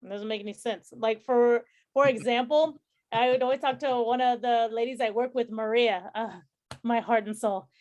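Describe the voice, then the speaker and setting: Young woman, higher voice, chef guest, chatty storyteller mimicking others. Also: normal speed. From San Antonio, Texas. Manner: animated storyteller, acts out quoted dialogue. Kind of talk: casual interview chat.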